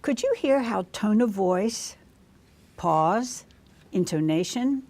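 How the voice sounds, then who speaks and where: A woman narrates a scripted training lesson for healthcare staff. Her delivery is clear and measured, with a voice neither high nor low. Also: expressive, darkish tone. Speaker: instructor for healthcare providers.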